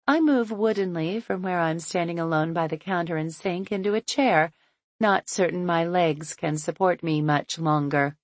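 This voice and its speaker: A woman narrating a first-person novel as an audiobook, in a measured, tense way. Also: fairly low pitch, dry recording.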